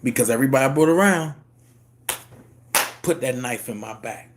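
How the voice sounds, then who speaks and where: A man, telling a personal story in a casual monologue and jumping into high voices to quote people. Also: normal speed, slight background noise. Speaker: YouTube commentator.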